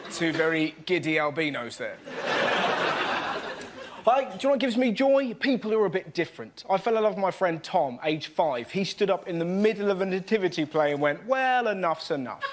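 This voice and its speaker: A man's voice: high-pitched, expressive, brisk. A man doing a giddy, playful comedy routine on a panel show, telling silly stories. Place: TV studio with a live audience. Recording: loud studio audience laughter and noise.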